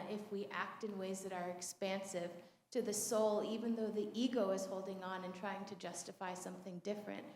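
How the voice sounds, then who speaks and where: A woman in a class shares her thoughts earnestly, in an even, fairly flat voice. She is heard in an echoey hall with a long reverb tail and faint room noise behind her. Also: mid-range voice. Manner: earnest and apologetic. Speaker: class participant. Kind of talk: sharing in a group class.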